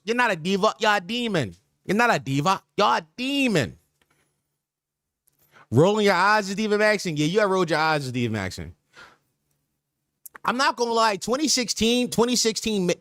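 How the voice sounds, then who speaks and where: His voice sits high with a fairly bright tone, and the studio-quality recording has no echo. The podcast host chats casually on his stream, jokingly and mock-sincerely riffing with slang over and over.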